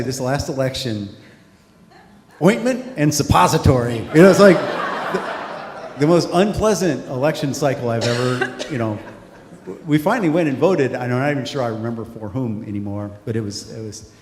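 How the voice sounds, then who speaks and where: A man's voice: medium pitch, darkish tone. Wry, rambling man in an echoey hall. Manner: wry, rambling, self-deprecating, laughs a lot. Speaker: author on a panel. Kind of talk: live stage conversation. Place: large hall at a live event. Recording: echoey hall with faint noise.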